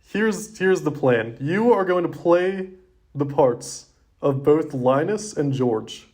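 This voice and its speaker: A man's voice: fairly high pitch, lively intonation, slow, a little mellow. A young man co-hosting a casual podcast chat, rambling and filling his sentences with "like". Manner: rambling, heavy use of "like". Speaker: podcast co-host.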